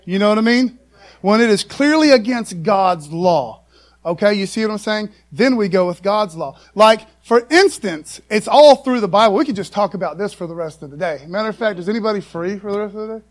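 A man's voice: high-pitched, expressive, brisk. A man preaching a casual, folksy sermon full of asides to the congregation. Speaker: pastor.

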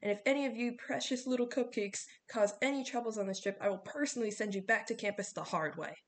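A woman voicing a gruff, bossy male coach who barks orders at teenagers in a storybook reading. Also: on the high side, fast, slight background noise, natural voice. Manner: barking, bossy.

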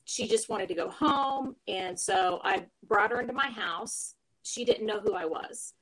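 A middle-aged woman telling, in an interview, her personal story of caring for her mother, earnest and emotional with reflective pauses. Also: medium pitch, fairly bright tone, low-quality recording.

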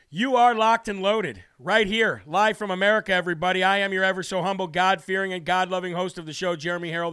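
A man hosting a live political talk show, brash and emphatic, hammering points with repetition and reading out viewer shout-outs. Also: high voice, clear, resonant tone, no echo, studio quality. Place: New Hampshire studio.

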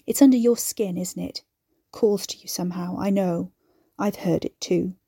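A cold, raspy matriarch gives hard commands, as a woman puts her on. Her tone is flat and allows no argument. The reading is mellow and dry. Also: lowish voice, moderate pace, dry recording. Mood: commanding. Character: hard, cold, raspy older mother, domineering.

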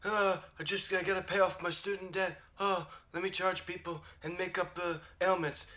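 A man's voice: high voice, little pitch movement, normal speed, pushed and bright. A man doing a brash, bragging impression of an older male politician. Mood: boastful.

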